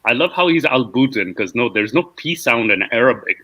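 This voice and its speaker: A man's voice: mid-range voice, lively intonation, a little fast, sharp tone, no room sound, low-quality recording. A man co-hosting a live stream, reading out viewer comments and adding dry remarks. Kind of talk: casual live-stream chat.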